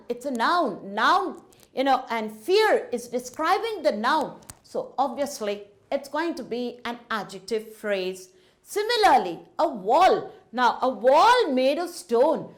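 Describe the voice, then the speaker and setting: A woman with an Indian English accent teaching a grammar lesson to children, in a sing-song way, often calling them children. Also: high-pitched.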